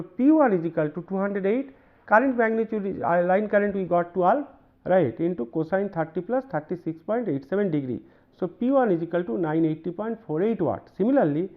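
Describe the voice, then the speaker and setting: Over a narrow, phone-like channel, a high-pitched man with an Indian English accent lectures at a university. He works through examples, pausing often, repeating himself and checking in with "right?"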